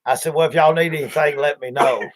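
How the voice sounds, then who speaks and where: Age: adult. Sex: man. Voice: slightly high. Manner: folksy, rambling storyteller. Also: fairly even intonation, fast talker, background noise. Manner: folksy, rambling, acts out voices in his stories. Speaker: livestream host. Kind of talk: casual storytelling chat.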